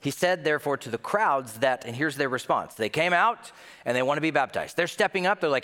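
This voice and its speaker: A man preaches with lively energy, his voice sitting a bit high and swinging widely in pitch. He acts out the people in his stories as he goes. The sound rings with the long reverb of a large hall. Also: fairly quick. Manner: animated, acts out quoted voices. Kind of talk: sermon.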